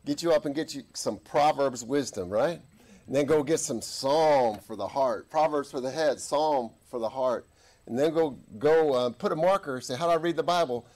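A middle-aged man preaching a sermon as an army chaplain, telling stories and acting out voices in the quotes. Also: moderate pace. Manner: animated, acts out quotes with big pitch jumps. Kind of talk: sermon with storytelling. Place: church.

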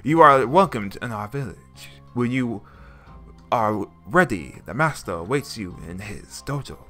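A man voicing a male ninja warrior who speaks slowly in stilted, formal phrases. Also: medium pitch, animated, sharp tone, soft background music. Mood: stern formal. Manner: slow, stilted, formal speech.

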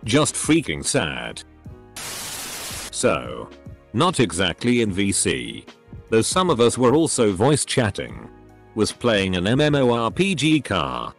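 A man's voice: fairly low pitch, wildly swooping pitch, takes it slowly, vocal fry, soft background music. A man reading online stories aloud as a channel narrator, spelling out abbreviations letter by letter.

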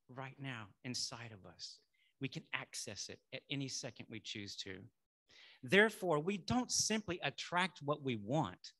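A middle-aged male minister preaching a sermon in a conversational way, saying y'all and building to loud affirmations. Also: on the high side.

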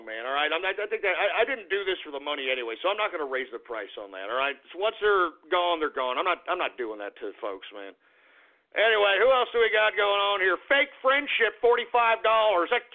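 A man with a high, gravelly voice hosts a live radio show, rambling in a loose, profane way and flaring into combative tirades. The sound is thin and phone-like, like an old radio stream. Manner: profane, combative, swings into shouted outbursts. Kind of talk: live call-in radio rant.

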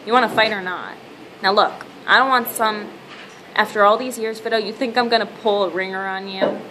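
A woman reading the lines of a brisk gray-haired male fight official, brusque and matter-of-fact. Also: medium pitch, sharp tone, a little hiss or hum, close to an everyday voice, low-quality recording.

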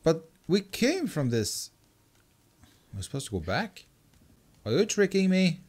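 A gameplay commentator who gets excitable, shrieks and laughs often, swears casually and talks to the game creature. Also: medium pitch, unhurried. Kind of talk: let's play commentary.

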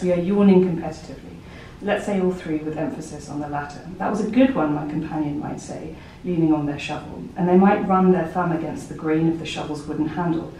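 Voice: medium pitch, warm tone, slight background noise. A poet reading a playful prose poem aloud in a wry, conversational way at a library event. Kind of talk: poetry reading. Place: poetry library event room. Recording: very echoey room, distant mic.

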